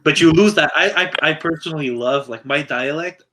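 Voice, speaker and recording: A man co-hosting a podcast in casual chat, telling animated stories and laughing often. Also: fairly high pitch, brisk, background noise. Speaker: podcast co-host.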